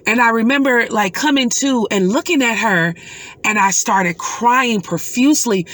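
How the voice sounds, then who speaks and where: Middle-aged woman, mother, personal vlog storytelling; unhurried, earnest delivery with pauses. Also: on the high side, a bit bright. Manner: slow, earnest and emotional, with pauses. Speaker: mother recounting a dream.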